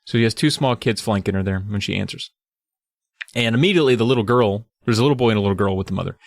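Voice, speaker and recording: A man co-hosting a podcast, casually recapping a book, animated and swearing as he acts out scenes. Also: lowish voice, rapid-fire, creaky, no echo, studio quality. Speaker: podcast co-host.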